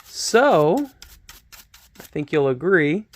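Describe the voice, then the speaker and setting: Here a man with a fairly high, very animated voice speaks very slowly while hosting a laid-back painting tutorial for his hobby channel. Sitting close to the camera microphone, he thinks aloud as he paints, chatty and self-mocking.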